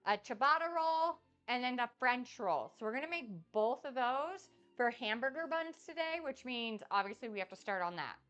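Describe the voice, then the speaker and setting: Upbeat woman streamer with a slight lisp. Bright, pushy tone and a raised pitch, with soft music underneath. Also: moderate pace, hardly any pauses, clean tone, lo-fi sound. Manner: bubbly, excitable, chatty. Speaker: cooking streamer. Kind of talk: casual live-stream chat.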